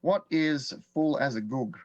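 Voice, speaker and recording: An Australian man leads a live online class, chatty and relaxed, tossing quiz questions to viewers with easy chuckles. His voice sits in a middling range. The sound is dry and a little dull, like lo-fi stream audio picked up at a desk. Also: medium pitch, measured pace, no room sound. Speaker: online course instructor. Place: indoors at a desk with screens.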